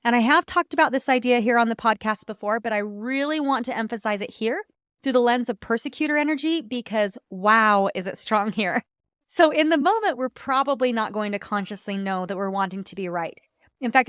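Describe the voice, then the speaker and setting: A woman's voice: fairly high pitch, animated, brisk, clear, resonant tone, no room sound. Earnest woman podcast host, close and dry. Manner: earnest, warm storytelling with soft laughs. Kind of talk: reflective personal-growth podcast talk.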